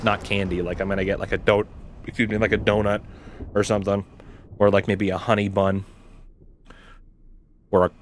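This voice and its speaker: A man's voice: on the low side, slight background noise. Rambling young man gamer. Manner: rambling, swears a lot, says "like" and "dude" often. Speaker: gaming streamer. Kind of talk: casual gameplay chat.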